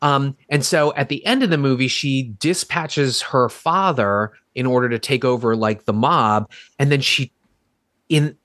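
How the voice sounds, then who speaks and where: A man's voice: mid-range voice, unhurried, fairly bright tone, no room sound, clean studio sound. A man co-hosting a podcast, retelling movie scenes in a rambling, exasperated way. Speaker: podcast co-host. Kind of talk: casual movie review chat.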